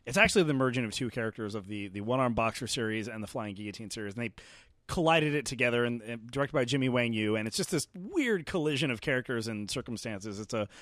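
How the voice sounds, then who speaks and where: A man co-hosting a casual film podcast, retelling movie scenes with lively acted-out bits. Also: mid-range voice, fast, no room sound, studio quality. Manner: animated storyteller, acting out scenes. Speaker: podcast co-host. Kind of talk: casual chat.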